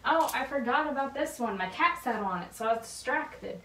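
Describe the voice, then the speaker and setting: A young woman's high, animated, fairly bright voice comes through a little hiss or hum as she talks fairly quickly. She's vlogging from her bedroom, rambling giggly show-and-tell about her fan merch with plenty of "like."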